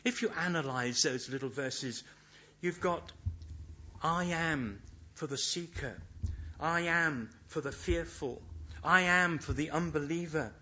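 A man's voice: on the high side, a little slow, pushed and bright. A man preaching a sermon in an earnest way, leaning hard on the scripture lines he quotes. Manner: earnest, emphatic when quoting scripture. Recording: dull lo-fi recording.

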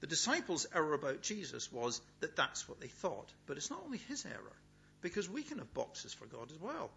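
Emphatic male preacher, lively bright voice. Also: a little high, creaky. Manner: emphatic, repeats key words with pauses. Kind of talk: sermon. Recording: dull, lo-fi sound with faint hum.

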